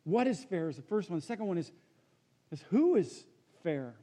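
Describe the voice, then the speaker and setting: A man preaching a sermon as pastor, telling a joke story and then dropping to a hushed, earnest tone. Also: sits high, sing-song, moderate pace. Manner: storytelling with jokes, swings from loud to hushed.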